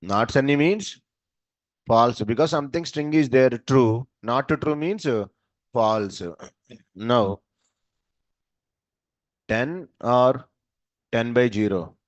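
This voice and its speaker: Teaching a live coding class, a man asks short questions and then answers them on his own. He speaks at medium pitch, slowly and with frequent pauses, in a dull, dry lo-fi recording with no echo.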